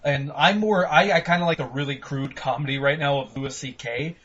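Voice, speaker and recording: A man's voice: fairly high pitch, fairly even intonation, brisk, noisy background. A man co-hosting a casual podcast, joking and swearing, acting out quotes in mock voices. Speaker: podcast co-host. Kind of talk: casual chat. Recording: dull lo-fi podcast audio.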